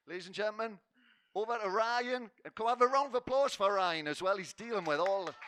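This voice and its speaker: Bright-voiced man hosting. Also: high-pitched, no room sound. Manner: self-mocking, rambling banter. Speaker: host of a spoken word night. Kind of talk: jokey live stage hosting. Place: festival stage before a live audience.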